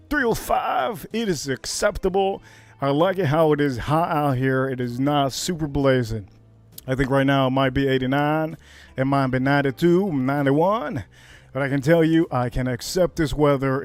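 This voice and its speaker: A man from Miami hosting a casual whiskey livestream, brash and hyped, jumping to high shouts on catchphrases. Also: smooth. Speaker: livestream host reviewing whiskey.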